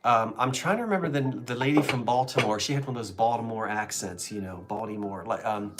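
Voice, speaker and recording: A man's voice: medium pitch, fairly quick, very noisy. A middle-aged man from the Delaware Valley with a Philadelphia accent, chatting casually and reminiscing on a live antiques stream. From Delaware Valley, USA. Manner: chatty, reminiscing, jokey asides. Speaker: co-host selling antiques.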